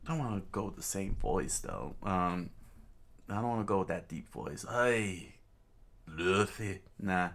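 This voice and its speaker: A man's voice: sits low, lively intonation, a little slow, creaky, fairly bright tone. A man reading a comic aloud in a casual, rambling way, full of fillers and side comments. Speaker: comic reader. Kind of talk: casual read-along narration.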